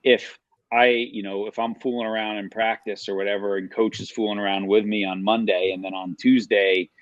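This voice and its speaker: A man's voice: lowish voice, little pitch movement, a little fast, no room sound, dull audio. A middle-aged man, an author and coach, explaining in an earnest, conversational way as a podcast guest. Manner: earnest, conversational, uses examples. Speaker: author and youth sports coach. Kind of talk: casual interview chat.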